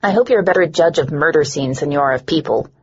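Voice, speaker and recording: A woman narrator voicing a bitter, sharp-tongued young woman who sneers at everyone. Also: deep voice, quick pace, breathy edge, dull audio. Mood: scornful. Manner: sneering, scornful.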